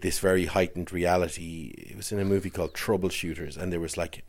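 Deep-voiced Irish man telling a rambling story. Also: a little mellow. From Ireland. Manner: rambling, self-interrupting, laughs through his telling. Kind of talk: casual storytelling.

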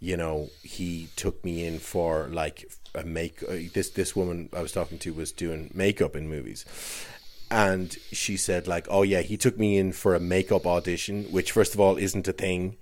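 A man's voice: deep voice, steady tone, normal speed, a little mellow. An Irish man telling a long, rambling story in casual chat, often restarting his sentences and laughing as he goes. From Ireland.

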